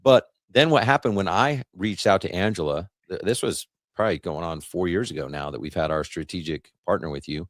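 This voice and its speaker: A low-voiced man hosting a podcast, talking in a casual, easygoing way and laughing often. His voice is recorded dry and close, with no room sound around it. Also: a little fast, few pauses, no echo. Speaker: podcast host. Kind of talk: casual conversational interview.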